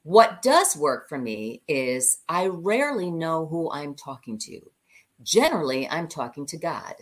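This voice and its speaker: A woman guest, a cabaret singer, telling stories from her career in an animated, conversational way and laughing often. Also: deep voice, unhurried. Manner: lively anecdotes, acting out the voices of people she quotes; laughs often mid-story.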